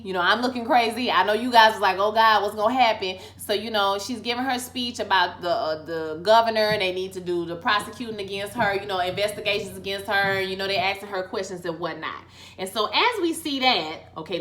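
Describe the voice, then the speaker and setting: A young woman giving a casual, slangy review of a TV episode, loud and animated, now and then breaking into song. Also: medium pitch.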